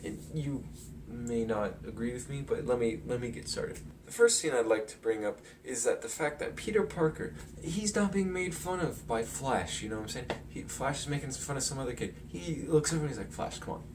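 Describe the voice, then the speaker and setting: A film commentary vlogger with a mid-range, lively voice talks a little fast as he rambles casually through a movie analysis. He leans heavily on fillers and chuckles as he goes. The recording comes from a distant mic with faint background noise.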